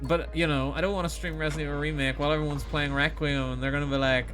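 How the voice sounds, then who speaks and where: A man commentating his own gameplay on a live stream, joking sarcastically at his own expense. His voice is bright and forceful, with occasional dramatic outbursts. Faint music plays behind him. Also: fairly high pitch, fairly even intonation, fast, hardly any pauses.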